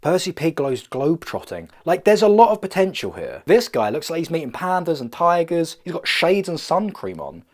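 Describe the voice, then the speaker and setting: A man's voice: a little high, sing-song, normal speed, few pauses. A young man making a comedy vlog who rambles in a playful, self-mocking way. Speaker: vlogger.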